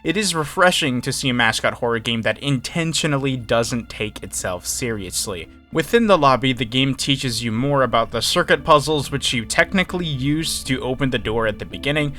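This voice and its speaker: A man's voice: medium pitch, lively intonation, moderate pace, few pauses, pushed and bright, faint music behind. A man giving a candid, opinionated game review in casual commentary, often hedging his points.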